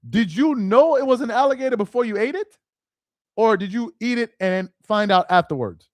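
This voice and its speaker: On a casual live stream, a man with a voice that sits high chats animatedly at a moderate pace, reacting to what viewers write in the chat. He laughs easily and frequently repeats himself. The recording is dry.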